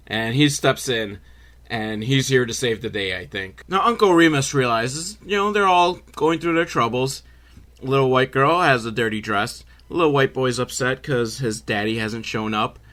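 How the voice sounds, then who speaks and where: A man's voice: mid-range voice, bright, forceful tone. Sarcastic, profane man recapping a film. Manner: sarcastic, profane, rambling asides. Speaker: comedy reviewer.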